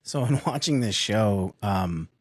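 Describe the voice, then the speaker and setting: A man's voice: on the low side, lively intonation, a little slow, husky, dry recording. A man co-hosting a paranormal podcast in casual chat, often chiming in with short agreements. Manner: affirming, frequent short agreements. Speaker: podcast co-host.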